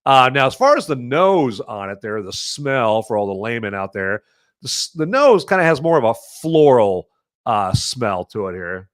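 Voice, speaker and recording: A man hosting a podcast, talking casually to the camera in a rambling way, full of fillers and self-corrections, swinging between loud emphasis and muttered asides. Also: mid-range voice, sing-song, moderate pace, dry recording, studio quality. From American Midwest. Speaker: podcast host reviewing movies and beer. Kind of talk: casual solo commentary.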